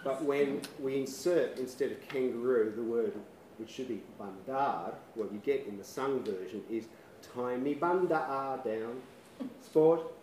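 A man giving an academic conference presentation, measured, with a dry sense of humour and the odd filler. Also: mid-range voice, warm tone, a little hiss or hum. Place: lecture hall. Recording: echoey hall, mic at a distance.

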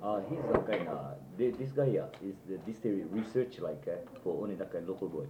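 A man's voice: sits low, lively intonation, a little fast. A man with a Hawaiian Pidgin accent, telling stories in casual chat and rambling with constant "you know" and "eh?" tags. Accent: Hawaiian Pidgin English. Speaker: local man chatting with friends. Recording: tinny, echoey, faintly noisy tape.

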